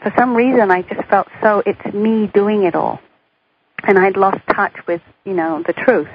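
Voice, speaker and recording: A woman's voice: medium pitch, moderate pace, slightly rough. Middle-aged woman telling her story. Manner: animated, acts out quoted voices. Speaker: guest. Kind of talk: personal storytelling interview. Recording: dull radio recording, faint hiss.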